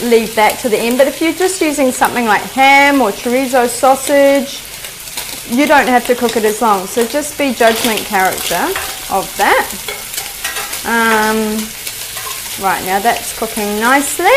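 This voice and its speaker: A woman with a New Zealand accent talks through a recipe in a chatty, homely way. Her voice sits a little high. Faint background noise from the kitchen hangs under her. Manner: chatty, homely, explains as she cooks. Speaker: cooking show host. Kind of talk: live cooking demonstration.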